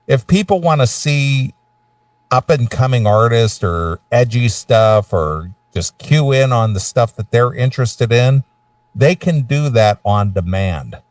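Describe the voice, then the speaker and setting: A man co-hosting a casual podcast talks in a mocking, chatty way with a lively, up-and-down pitch. He sits a bit back from the mic in a dry room. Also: a little slow, no echo, recorded from a distance. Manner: mocking, lively, does old-man impressions. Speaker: podcast co-host.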